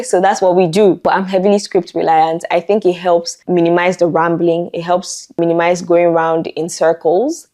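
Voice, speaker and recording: A chatty young woman with a slightly low voice shares advice in a relaxed talking-head vlog. She talks casually and laughs often between points. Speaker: content creator.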